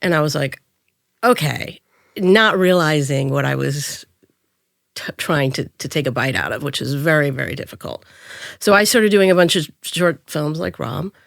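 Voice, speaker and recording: Animated woman storyteller on a dry mic. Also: normal speed, vocal fry, no echo. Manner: animated, acts out quotes in a higher voice. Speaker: guest. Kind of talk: storytelling in an interview.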